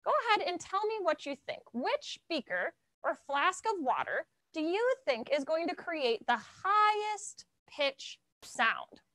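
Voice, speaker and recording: A woman teaching a lively live science lesson for children, explaining and demonstrating to viewers at home. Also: a little slow, few pauses, no echo. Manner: lively, animated teacher, demonstrates high and low voices. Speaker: science educator. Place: science center.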